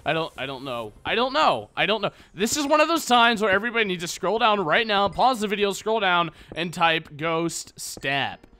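A man's voice: high-pitched, lively intonation, moderate pace, few pauses, pushed and bright. A young man giving casual let's play commentary, rambling and joking with his viewers. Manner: goofy, rambling, jokey asides to viewers. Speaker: gaming channel host. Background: faint background music.

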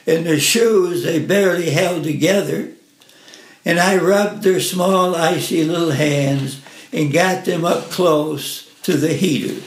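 A man gently reading a first-person family story aloud in an unhurried way. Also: on the high side. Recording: roomy echo.

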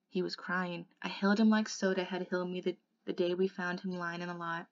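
Woman reading a book aloud, low gravelly voice, dull muffled recording. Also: flat delivery, moderate pace, hardly any pauses. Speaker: audiobook reader.

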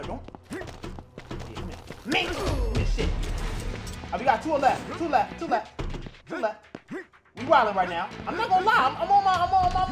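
A young gaming host talks in a high voice that swings up and down. He fires off slangy hype lines and repeats them in quick bursts. Music plays clearly behind him. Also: sing-song. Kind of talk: hyped gameplay commentary.

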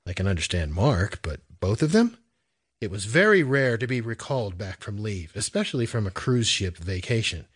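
A man giving steady scripted narration of a thriller audiobook. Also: on the low side, fairly quick, hardly any pauses, husky.

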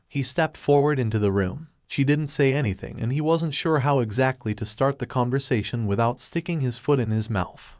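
A man narrating a fan fiction story in a steady, even way. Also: mid-range voice, no echo, studio quality.

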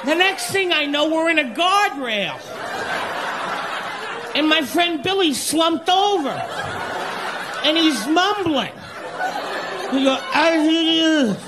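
A man telling a slow, deliberate stand-up story and acting out the characters in it. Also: extremely high pitch, expressive, crowd noise. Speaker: stand-up comedian. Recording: live club with audience and noise.

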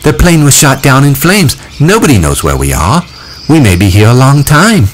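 A man's voice: medium pitch, huge pitch swings, normal speed, slight background noise, voice pushed up. A man voicing a confident boy leader who cheerfully reassures the others in a storybook reading. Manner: upbeat, coaxing, patiently explaining.

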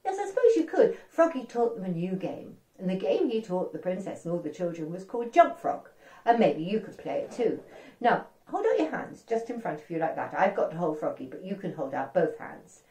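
A woman telling a story to young children, animated and asking them questions as she goes, in a roomy echo. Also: on the low side, fairly quick.

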